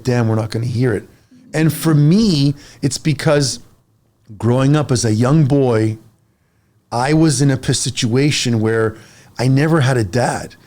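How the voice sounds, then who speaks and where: On a relaxed podcast, a male fitness coach in his forties speaks in a mid-range voice. Quick bursts, repeated words, and an animated, emphatic tone mark his speech.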